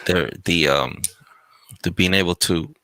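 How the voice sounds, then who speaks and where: A man hosting a casual podcast chat, relaxed and prone to restarts. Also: low voice, a little slow, dry recording. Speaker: podcast host, transit worker.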